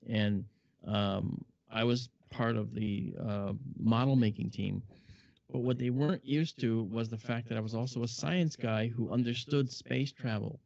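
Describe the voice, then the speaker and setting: A man with a gravelly, creaky voice spins chatty stories packed with asides. The sound is dry and close, with a dull, lo-fi tone. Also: medium pitch, unhurried, no room sound. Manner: chatty, animated, lots of asides. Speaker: guest, film model maker. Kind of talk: anecdotal storytelling. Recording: dull lo-fi audio.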